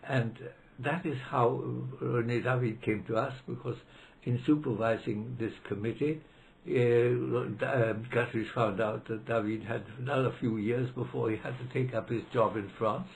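A man's voice: medium pitch, moderate pace, vocal fry, rough recording. An older man whose first language is not English, recalling colleagues in an oral history interview with frequent hesitations. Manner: hesitant, anecdotal, acts out quotes in raised voice. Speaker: interviewee, retired law professor.

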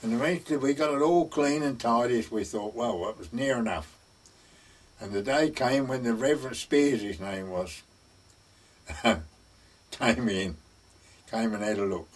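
A man's voice: medium pitch, moderate pace, distant mic. An older man telling village anecdotes in a chatty way, with dry humor. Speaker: village storyteller. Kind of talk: oral-history storytelling.

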